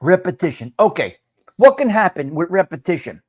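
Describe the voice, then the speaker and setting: An older man hosting a live morning talk stream. He talks loudly and emphatically, greets chat viewers by name and repeats his points for effect. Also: high-pitched, sing-song, moderate pace. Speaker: livestream host.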